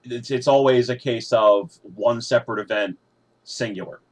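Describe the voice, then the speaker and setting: A man hosting a podcast in casual chat, relaxed and patient when he explains things, swearing offhandedly. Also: medium pitch, normal speed. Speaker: podcast host.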